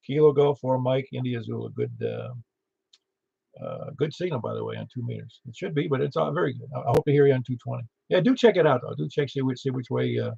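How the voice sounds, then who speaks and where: A gravelly, husky-voiced man with a Middle Tennessee accent runs an amateur radio net in a joking, folksy way. His voice comes through a dull, lo-fi radio transmission. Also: mid-range voice, expressive, fast talker, warm tone, dry recording. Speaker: net control operator. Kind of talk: ham radio net chat.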